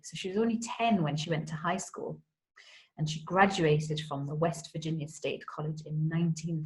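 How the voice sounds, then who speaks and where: A woman with a slightly low-pitched voice teaches a home-school history lesson. She talks to young children, breaking down terms simply and in a friendly way. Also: fairly bright tone, rough recording.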